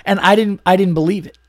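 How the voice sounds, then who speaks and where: A man's voice: high-pitched, no echo. A man hosting a podcast, ranting in a casual, profane, exasperated way with many restarts. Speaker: podcast host.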